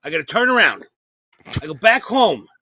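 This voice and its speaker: Brash, profane comic host with a high, gravelly voice; a rambling storyteller. Bright and cutting. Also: male voice, very animated, moderate pace, dry recording, studio quality. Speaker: podcast co-host. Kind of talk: comedic storytelling chat.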